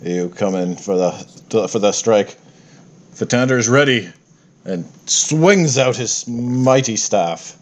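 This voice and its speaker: A man's voice: lowish voice, lively intonation, slow, a little hiss or hum. A man narrating a tabletop game as game master, playful and often correcting himself as he goes.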